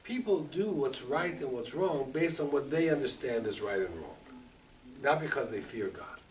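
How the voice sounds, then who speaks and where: Animated man teaching a Torah class. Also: medium pitch, moderate pace. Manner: animated, acts out quotes, mixes Hebrew terms. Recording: distant mic with faint room ambience.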